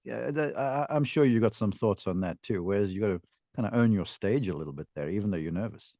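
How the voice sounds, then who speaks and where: A man's voice: fairly low pitch, fast talker, no echo. A man hosting a golf podcast, telling stories and asking questions in a casual interview. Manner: storytelling, animated asides. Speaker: podcast host, golf instructor.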